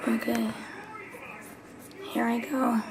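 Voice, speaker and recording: A woman's voice: fairly high pitch, slow pace, background noise. Chatty woman vlogging at home. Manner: chatty and excitable, often dropping to a whisper. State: voice messed up. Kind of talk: casual vlog chat. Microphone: camera.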